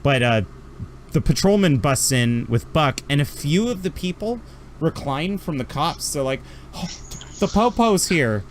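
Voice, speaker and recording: A man with a slightly high voice and lively intonation narrates a tabletop game as game master, rambling through descriptions full of fillers. He speaks at a moderate pace, with a little hiss or hum in the recording.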